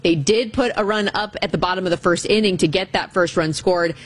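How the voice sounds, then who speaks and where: A woman's voice: fairly low pitch, a little fast. A woman hosting a sports betting show, steering the talk and reading out promos and scores.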